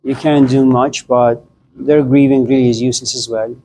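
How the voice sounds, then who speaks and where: A man's voice: medium pitch, normal speed, rough recording. Conversational middle-aged male lecturer. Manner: conversational, animated, acts out quoted voices. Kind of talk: philosophy lecture with anecdotes.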